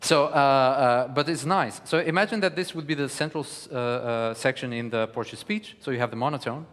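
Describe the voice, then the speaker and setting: A man lecturing and coaching verse declamation, animated and encouraging, with frequent hesitation fillers. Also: medium pitch, a little fast, in a large hall. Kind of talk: teaching lecture with spoken demonstrations.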